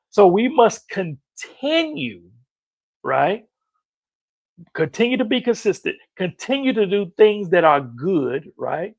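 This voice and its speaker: Gravelly man preaching emphatically. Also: fairly high pitch, dry recording. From North Carolina. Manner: emphatic, repeats key phrases, rising to loud peaks. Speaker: motivational minister. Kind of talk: motivational preaching to camera.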